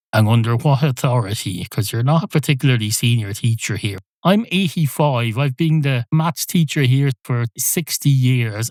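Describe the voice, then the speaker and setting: A man's voice: mid-range voice, a little mellow, dry recording, close to an everyday voice. Indignant elderly Irish maths teacher , done by a man, pompous rant, dry close sound.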